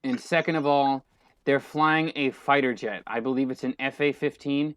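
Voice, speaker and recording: A man's voice: medium pitch, steady tone, normal speed, clear, resonant tone, dry recording. Ranting young man, dry close sound. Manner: ranting, exasperated, lots of fillers and restarts. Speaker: podcast co-host. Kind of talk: casual movie-rant chat.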